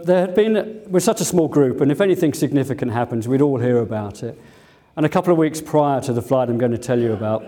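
A man's voice: mid-range voice, mellow. An older man, a former Concorde pilot, telling chatty stories at a museum talk with easygoing filler words. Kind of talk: anecdotal storytelling talk.

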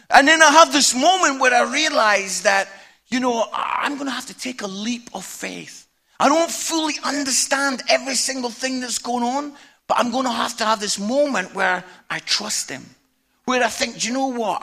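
A Scottish man preaching a sermon to a congregation, telling stories casually with tag questions and swinging between hushed and loud delivery. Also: very high-pitched, normal speed. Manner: conversational storytelling, tag questions like "yeah?". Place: church hall with audience.

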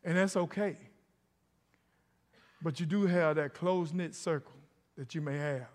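The long hall reverb of a church sanctuary colors the sermon of a middle-aged pastor whose voice is fairly high and a little slow. He tells stories and calls out to the congregation as he preaches.

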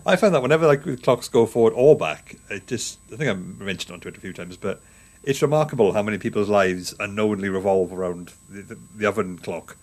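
A man's voice: fairly low pitch, fairly quick, a little mellow. A man co-hosting a podcast from his garden, easygoing and laughing often. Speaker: podcast co-host. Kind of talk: casual podcast chat. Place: garden outdoors.

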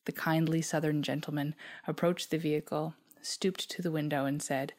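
A woman from Newfoundland reading her own personal reflection aloud in a soft, measured, reflective way that at times sinks close to a whisper. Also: sits low, fairly even intonation.

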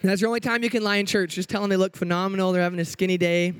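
In a church sanctuary, a young youth pastor with a notably high, smooth, steady-toned voice preaches a sermon. He's bubbly and hyper, trading jokes with the congregation while trying to slow himself down.

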